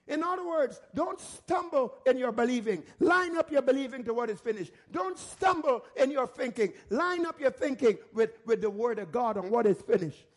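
A male pastor delivers a sermon in a strikingly high voice. He drives each point home with repetition and fires rhetorical questions at his listeners. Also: animated, moderate pace, few pauses.

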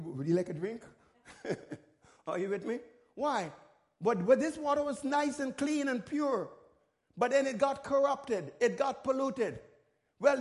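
High-pitched and a little mellow, a middle-aged pastor preaches, repeating phrases as he restarts. He keeps calling out to the congregation along the way.

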